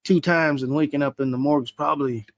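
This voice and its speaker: A man's voice: on the high side, fairly even intonation, fast. A man, a guest on an interview show, telling a story with constant swearing and acting out the dialogue. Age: adult. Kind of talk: casual storytelling.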